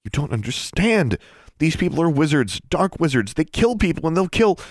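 A breathless young witch girl, as a deep-voiced male storyteller puts her on, urgent and pleading as she insists everyone flee. The voice is lifted well above the reader's own low register and pushes hard, in a dry storybook reading. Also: very animated, normal speed, no echo.

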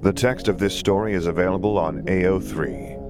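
A man narrating fan fiction in an even, measured reading. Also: low-pitched, over music. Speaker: audiobook narrator.

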